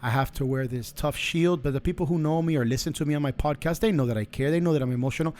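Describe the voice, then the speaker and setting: A man with a slightly high voice delivers a motivational podcast monologue. He sounds earnest and preachy, offering faith-based advice and circling back on phrases as he builds each point. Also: fast talker, a little mellow, slight background noise. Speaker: podcast host.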